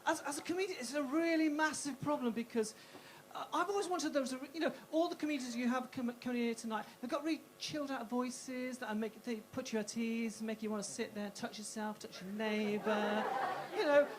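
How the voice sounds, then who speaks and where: A woman's voice: on the high side, fairly quick, few pauses. A woman comedian with a posh-sounding voice doing a live stand-up set, self-mocking, swearing freely, stumbling over and repeating words. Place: comedy club stage. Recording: live club recording with crowd noise. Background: audience laughing.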